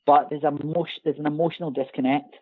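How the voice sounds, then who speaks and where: A Scottish man co-hosting a wrestling podcast, talking in an animated, sarcastic, ranting way. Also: on the high side, brisk. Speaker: podcast co-host. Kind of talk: casual podcast chat. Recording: tinny phone-like call line.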